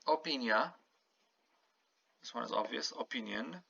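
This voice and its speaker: Slow gravelly man teaching pronunciation. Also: mid-range voice, bright, forceful tone, no echo. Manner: slow, patient, repeats words to model pronunciation. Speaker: Polish language teacher. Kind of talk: casual spoken language lesson. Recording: dull lo-fi home recording.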